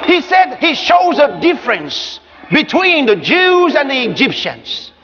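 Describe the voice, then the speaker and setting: A male pastor preaching a sermon, emphatic and often shouting, acting out the voices of the people he quotes. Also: extremely high pitch, wildly swooping pitch, unhurried. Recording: muffled live recording with crowd and noise.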